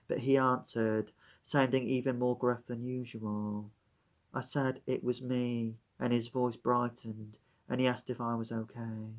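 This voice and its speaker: A man reading aloud as a dull, flat-voiced woman diarist in her thirties, in a put-on Brummie accent. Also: mid-range voice, lightly acted.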